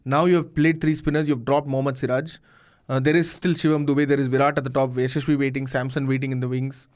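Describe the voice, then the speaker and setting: A man's voice: mid-range voice, flat delivery, fast, darkish tone. A man hosting a casual cricket debate, challenging and teasing the panelists.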